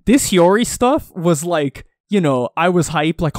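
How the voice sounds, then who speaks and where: A man with a slightly high voice co-hosts a casual comic review podcast. He is excitable and laughs easily as he reads lines out. The recording is dry and close. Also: unhurried, no room sound. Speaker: podcast co-host.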